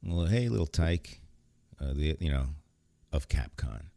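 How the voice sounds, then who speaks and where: A man's voice: rumbling low, animated, unhurried, creaky, warm tone, dry recording. A man hosting a podcast, talking in a casual, rambling, joking way. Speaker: podcast host. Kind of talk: casual solo podcast talk.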